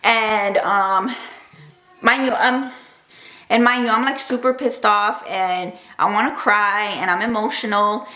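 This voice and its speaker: A woman's voice: medium pitch, steady tone, a little slow, pushed and bright, faint music behind. A young woman casually telling a personal story to camera, chatty and emotional, full of "like" and "dude". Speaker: vlogger. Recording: roomy echo.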